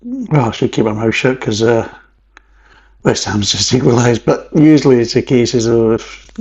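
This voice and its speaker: A Scottish man talks through a beer review in a loose, rambling way, drifting into jokey asides as he goes. His voice sits at a middling pitch, and the recording sounds a little dull and lo-fi. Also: darkish tone. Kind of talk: casual vlog review. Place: at home at a table.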